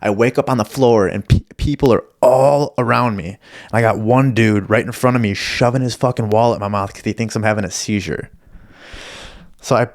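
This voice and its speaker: A young man from Michigan hosting a podcast, telling stories in a profane, rambling, self-deprecating way. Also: mid-range voice. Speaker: podcast host. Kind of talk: casual storytelling monologue.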